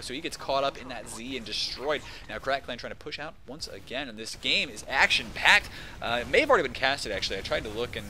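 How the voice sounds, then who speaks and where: Bright-voiced excitable male game caster. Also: medium pitch, a little hiss or hum. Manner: excitable, casual, rambling with fillers. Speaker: esports shoutcaster. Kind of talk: play-by-play game commentary.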